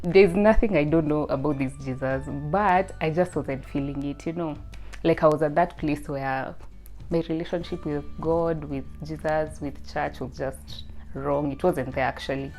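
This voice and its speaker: A young woman, casually telling her personal faith testimony in a chatty, lively way. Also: low-pitched, normal speed, faint music behind. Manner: chatty, lots of "like", lively, rising to loud excited bursts. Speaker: student sharing her testimony.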